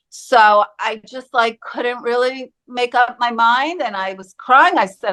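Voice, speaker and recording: A woman's voice: a little high, animated, measured pace, few pauses, fairly bright tone. A woman as an interview guest, telling her personal story in an earnest, vivid way and acting out quoted voices.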